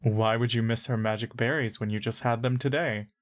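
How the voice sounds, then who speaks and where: A woman's voice: rumbling low, fairly even intonation, brisk. A woman voicing a cruel man who speaks in a falsely sweet, cooing way.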